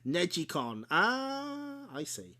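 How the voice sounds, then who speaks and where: A man's voice: sits high, sharp tone. A man hosting a game stream, chatting casually and laughing often as he shows off old game discs. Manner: chatty, giggly, self-correcting. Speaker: streamer host.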